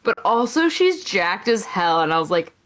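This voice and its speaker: A woman with a bright, crisp voice co-hosts a podcast. She is candid and excitable in casual chat and swears freely. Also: medium pitch, moderate pace. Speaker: podcast co-host.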